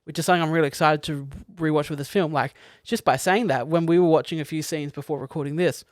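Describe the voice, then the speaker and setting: A man's voice: a little high, steady tone, fast talker, dry recording, studio quality. A man co-hosting a podcast, talking about a film in casual chat, enthusiastic and rambling with many fillers. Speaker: podcast co-host.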